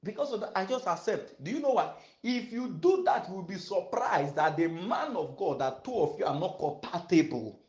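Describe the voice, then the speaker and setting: A man, an evangelist giving sermon-style counsel, emphatic and repetitive, rising to loud peaks. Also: high voice, big pitch swings, moderate pace, hardly any pauses, roomy sound.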